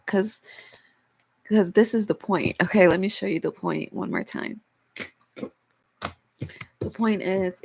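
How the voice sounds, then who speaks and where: A woman's voice: lowish voice, slow, creaky, long pauses, a little hiss or hum, poor audio. A woman giving a casual tarot reading to her viewers, emotional and holding back tears, her voice cracking, swearing freely as she talks. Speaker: tarot reader.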